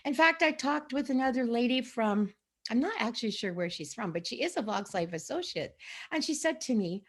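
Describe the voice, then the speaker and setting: A woman's voice: on the high side, lively intonation, a little fast, breathy edge. A middle-aged woman chatting casually to camera about a product she sells, rambling and restarting often. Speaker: sock sales associate.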